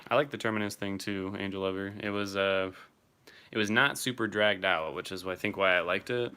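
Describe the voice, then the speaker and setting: Chatty young man with a bright, smooth voice. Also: low voice, steady tone, brisk. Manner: chatty, answers viewers by name, swears casually. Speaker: streamer reading live chat. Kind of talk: casual livestream chat.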